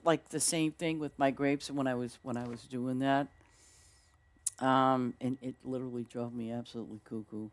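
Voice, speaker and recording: A woman streamer chatting through a farming game, excitable and chatty, exclaiming often and talking to her viewers. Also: very deep voice, normal speed, long pauses, dry recording. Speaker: gaming streamer. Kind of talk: casual gameplay commentary.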